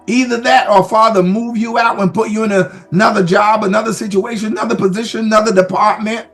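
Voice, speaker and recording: A male pastor preaching a sermon with emphatic, repetitive exhortations and sudden shouts. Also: high-pitched, fairly even intonation, quick pace, soft background music.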